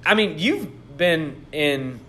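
A man's voice: fairly high pitch, takes it slowly. A man co-hosting a podcast, telling a story in casual chat with lots of laughter. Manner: animated storyteller, laughs often. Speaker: podcast co-host.

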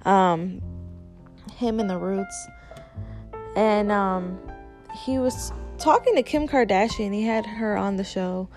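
A woman's voice: medium pitch, slow, pauses often, a little mellow, soft background music. A young woman hosting her own podcast, chatting casually and rambling with lots of fillers and restarts. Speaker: podcast host. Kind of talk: casual solo podcast chat.

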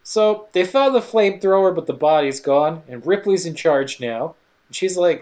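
Man, high pitch, loose crude podcast banter, quick asides. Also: animated, darkish tone. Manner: jokey, crude, acts out characters in quick asides. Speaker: podcast co-host recapping a film. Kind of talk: casual comedic chat.

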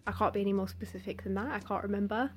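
A woman's voice: medium pitch, fairly even intonation, very fast, faint music behind. A young woman from Cheshire, a guest musician chatting casually, giggly and self-deprecating, full of "like". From Cheshire, England. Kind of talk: casual interview chat.

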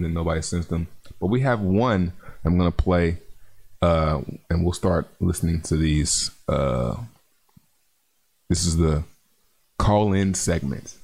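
A man's voice: low-pitched, darkish tone. A man hosting a casual crypto livestream, reading viewer comments in a laid-back, chatty way and calling viewers man and bro.

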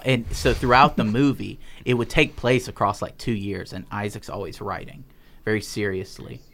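Male podcast host, lowish voice, rambling, casual storytelling with restarts. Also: vocal fry, a bit bright. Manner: rambling, full of ums and restarts.

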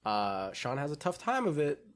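A man co-hosting a casual podcast, talking in an animated, joking way. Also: a little high, normal speed. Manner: animated, joking, laughs often. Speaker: podcast co-host. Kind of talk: casual chat.

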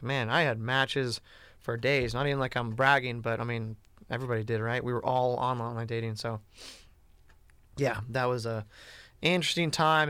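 A man's voice: medium pitch, pushed and bright, smooth, no echo, studio quality. A man talking casually and bluntly in a rambling way, with lots of "you know" and "like". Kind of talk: casual chat.

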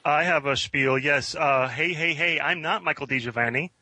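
A man calling in as a podcast guest, friendly and chatty, filling his sentences with uhs. His tone is bright and a little tense, recorded dry and close. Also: fairly high pitch, moderate pace, no room sound. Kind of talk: casual podcast chat. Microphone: calling in remotely.

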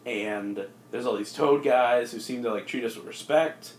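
A man co-hosting a casual comedy podcast, rambling through a movie pitch with lots of fillers. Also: normal speed, slight background noise. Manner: rambling, filler-heavy, jumps into silly voices. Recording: echoey room.

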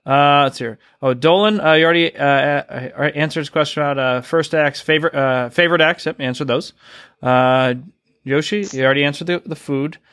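A man hosts a casual interview and reads out listener questions, halting and self-deprecating with lots of fillers. His voice sits a little high for a man. The sound is dry and close. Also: a bit bright, clear, resonant tone, dry recording. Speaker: podcast host.

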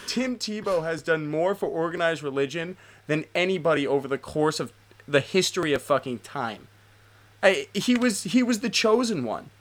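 A man's voice: on the high side, normal speed. A man in his twenties chatting on a podcast, ranting and telling stories with constant swearing. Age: 20s. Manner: animated, profane ranting storyteller. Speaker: podcast co-host. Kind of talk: casual podcast chat.

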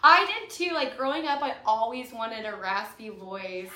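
A young woman co-hosting a podcast in a casual live chat, her voice worn raspy from yelling, bubbly and chatty with lots of fillers. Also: on the high side, moderate pace, hardly any pauses. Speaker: podcast co-host. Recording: echoey room.

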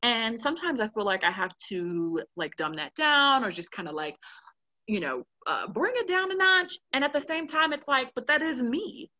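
Loud dramatic woman with a bright voice. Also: on the high side, moderate pace, highs cut off. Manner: loud, animated, dramatic, swears freely. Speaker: podcast co-host. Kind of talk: casual chat.

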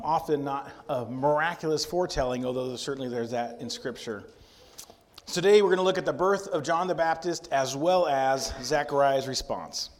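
A man preaching a sermon in a conversational way, retelling scripture with playful asides. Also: mid-range voice. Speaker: pastor.

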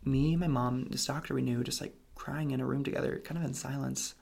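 Young man, gravelly voice, medium pitch, rambling casual storytelling, lots of fillers. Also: steady tone, a little fast, a little mellow. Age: young adult. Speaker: guest telling his story.

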